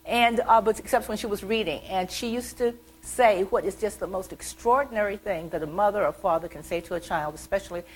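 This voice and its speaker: A middle-aged woman from the American South, an author telling animated stories about her childhood at a library event. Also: medium pitch, brisk, few pauses, poor audio. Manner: chatty, animated, acts out childhood quotes. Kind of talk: storytelling talk.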